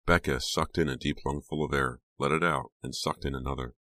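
Man, audiobook narrator, very deep voice, measured reading, dry close recording. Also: steady tone, fairly bright tone, no room sound. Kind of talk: scripted narration.

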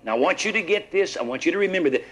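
A man's voice: high-pitched, lively intonation, very fast, fairly bright tone, low-quality recording. A man preaching a sermon, reading scripture aloud and prompting the congregation to answer with "what?". He often repeats words and restarts his sentences.

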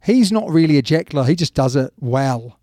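A man's voice: on the high side, lively intonation, moderate pace, mellow, no room sound, clean studio sound. A man co-hosting a casual rugby chat, emphatic and chatty, often dropping in yeah and you know. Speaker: rugby podcast co-host.

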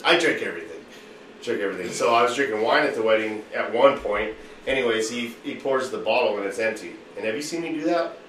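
A boisterous man with a bright, forceful voice tells a rowdy story, swearing freely and acting out the other people in it. He sits back from the mic in an echoey room with faint noise behind him. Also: mid-range voice, brisk, recorded from a distance. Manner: profane, boisterous storyteller who acts out quotes. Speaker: podcast host telling a story. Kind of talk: casual storytelling among friends.

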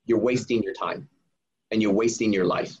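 A man's voice: fairly low pitch, fairly even intonation, normal speed, husky, highs cut off. A man in his forties, a memoir author, telling his story earnestly and emphatically as a podcast guest. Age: 40s. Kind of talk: casual podcast conversation.

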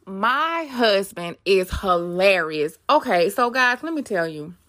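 A woman hosting her own podcast, telling a story in a chatty, animated way and talking straight to her listeners. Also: medium pitch, slow pace, heavy background noise. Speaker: podcast host.

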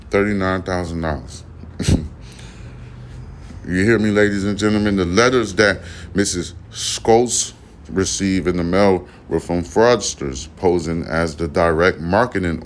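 A man's voice: sits low, a little hiss or hum. A podcast host, reading news stories aloud and breaking off into profane, slangy asides to his listeners. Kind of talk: reading news with casual commentary.

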